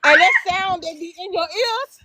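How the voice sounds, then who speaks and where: A middle-aged woman telling a personal story in casual chat, animated and emphatic, acting out both sides of the dialogue. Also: very high-pitched, moderate pace, heavy background noise. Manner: emphatic repetition. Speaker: guest storyteller.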